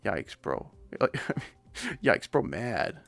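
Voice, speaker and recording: A man's voice: medium pitch, huge pitch swings, very slow, creaky, a bit bright, faint music behind. A man streaming casual gaming commentary, rambling and joking at his own expense. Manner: rambling, jokey, self-deprecating.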